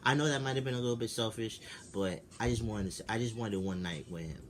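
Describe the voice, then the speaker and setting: A man in his twenties with a deep, low-pitched voice tells a personal story straight to camera in a casual vlog. He sounds like he has just woken up, rambles with restarts and swears freely. A steady background hum of ambience sits under the recording. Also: fast talker. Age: 20s. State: just woke up. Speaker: vlogger.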